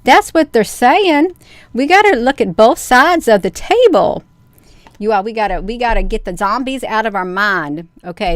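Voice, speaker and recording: A woman's voice: fairly high pitch, lively intonation, normal speed, no echo. A woman hosting a casual livestream, chatting with viewers, addressing them as "you all" and reading news aloud with her own comments. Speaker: livestream host.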